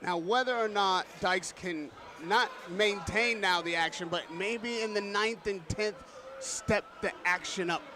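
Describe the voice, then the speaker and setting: A man's voice: high-pitched, a little slow. A man giving emphatic, analytical live commentary on a boxing match. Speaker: boxing pundit.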